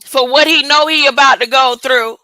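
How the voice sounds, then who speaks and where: A woman preaches an informal sermon in an emphatic, colloquial way, firing off rhetorical questions. Her voice is high and bright. The sound is dry and close. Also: moderate pace, no echo, rough recording.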